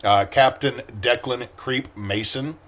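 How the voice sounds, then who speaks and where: Laid-back game master. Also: male voice, mid-range voice, slow pace, background noise. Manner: laid-back, swears freely, reads setup in a flat briefing tone. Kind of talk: running a tabletop game, casual.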